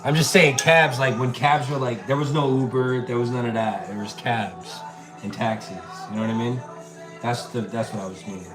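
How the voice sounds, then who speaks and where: Over background music, a laid-back man cooks on a livestream, his mid-range voice steady and at a normal pace. He's chatty, reading out viewer comments and replying, and keeps calling people bro and dude.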